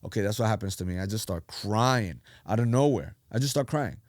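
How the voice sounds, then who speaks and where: A middle-aged man, a pastor, telling his life story in animated casual talk and acting out the voices he quotes. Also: on the low side, a little fast, no room sound, clean studio sound. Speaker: pastor, podcast guest.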